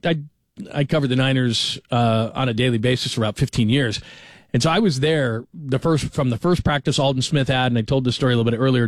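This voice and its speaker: A middle-aged man hosting late-night sports talk radio, lively and chatty as he moves from topic to topic. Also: mid-range voice, dry recording, studio quality. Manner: lively, chatty, fast-moving delivery. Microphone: studio microphone.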